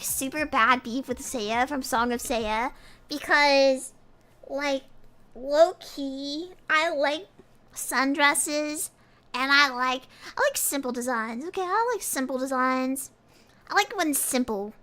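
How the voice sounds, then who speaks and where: A woman's voice: high-pitched, sharp tone. A young woman streaming casually, rambling and giggling as she reads chat aloud. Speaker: pirate cat vtuber streamer.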